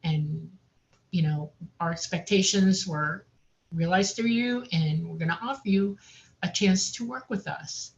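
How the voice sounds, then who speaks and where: A woman's voice: on the low side, measured pace, vocal fry, highs cut off. A woman voicing a friendly, fatherly male spaceship that speaks cheerfully and encouragingly.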